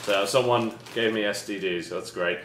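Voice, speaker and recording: A British man hosting a casual unboxing chat with dry, deadpan sarcastic humor. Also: on the low side, normal speed. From Britain. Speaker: host. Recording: roomy echo with faint noise.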